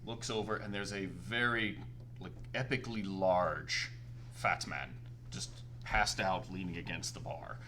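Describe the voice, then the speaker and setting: A man's voice: sits low, a little slow, a little hiss or hum. A man narrating a tabletop game as game master, laughing often and belting out other voices. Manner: animated, laughing, belts out voices.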